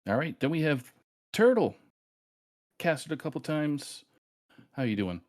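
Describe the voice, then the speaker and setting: A man's voice: on the high side, sing-song, measured pace, darkish tone, no room sound, studio quality. A man from Canada co-hosting a live stream, introducing the other team with playful jokes. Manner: jokey, playful. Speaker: co-host.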